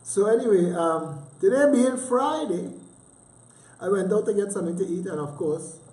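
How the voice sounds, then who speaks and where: A man's voice: high voice, expressive, moderate pace, darkish tone. A Trinidadian man hosting a livestream, chatting casually with teasing, sarcastic asides and heavy dialect. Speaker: livestream host. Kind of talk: casual rambling commentary. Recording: roomy echo.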